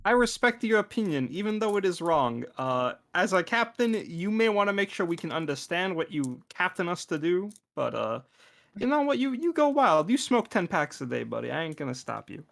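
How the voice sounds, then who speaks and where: A man jokes sarcastically in character during a tabletop game. His voice is gravelly and sits a little high. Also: very animated, normal speed, fairly bright tone. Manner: sarcastic, teasing. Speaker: player. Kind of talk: in-character banter.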